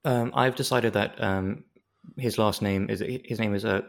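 Low, gravelly-voiced man chatting casually. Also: steady tone, moderate pace. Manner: playful, acts out characters' lines. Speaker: podcast co-host. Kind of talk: casual chat recapping a TV show.

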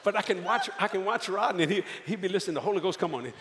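An older man preaching a storytelling sermon, folksy and animated, acting out the voices of the people in his tales. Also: high-pitched, rapid-fire. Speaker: evangelist. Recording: echoey hall with faint ambience.

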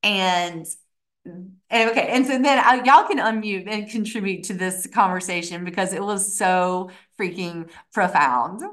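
A woman host telling a story on a group call, animated, acting out quoted voices and sometimes dropping to a soft hush. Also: medium pitch, measured pace. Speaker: host leading a retreat.

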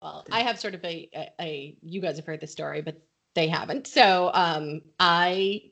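A woman's voice: lowish voice, normal speed, gravelly, fairly bright tone. A middle-aged woman from Connecticut hosting a podcast, telling a story in casual chat and laughing often. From Connecticut, USA. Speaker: podcast host.

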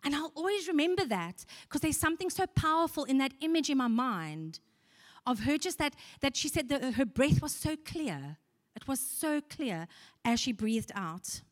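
A woman's voice: sits high, sing-song, normal speed. A woman preaching a sermon, earnest and conversational, asking the congregation questions. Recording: long hall reverb.

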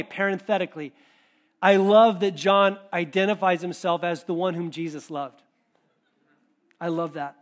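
A pastor with a notably high-pitched voice gives a sermon in a relaxed, conversational manner, frequently slipping into lively quoted asides.

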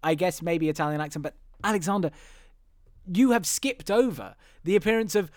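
Animated, laughing film podcast co-host. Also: mid-range voice, a little fast. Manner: animated, laughing, swears casually. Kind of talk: casual film review chat.

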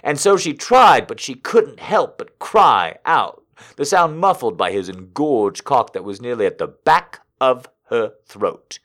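A man narrating an audio story in an expressive, measured way. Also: medium pitch.

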